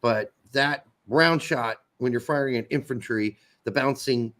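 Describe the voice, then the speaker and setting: A man's voice: mid-range voice, unhurried, fairly bright tone. A man co-hosting a podcast, rambling and joking in casual banter and swearing freely. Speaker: podcast co-host.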